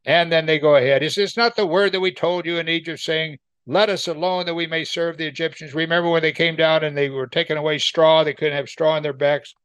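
A man's voice: on the high side, fairly even intonation, fairly quick, hardly any pauses, a bit bright, clean tone, dry recording. A man leading a Bible study, reading scripture aloud and explaining it in plain conversational talk, often asking his listeners questions. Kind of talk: verse-by-verse Bible teaching.

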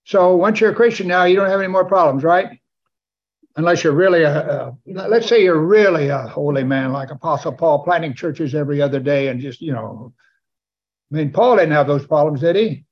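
Male preacher, fairly high voice, animated sermon delivery with rising exclamations; dull lo-fi church recording. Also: normal speed.

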